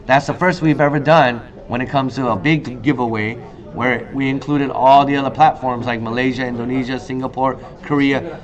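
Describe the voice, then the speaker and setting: A man in his thirties hosting a casual talk show monologue, telling stories with lively acted-out quotes. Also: dull audio. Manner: animated storyteller, acts out quoted lines in a higher voice. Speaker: host. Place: in Korea.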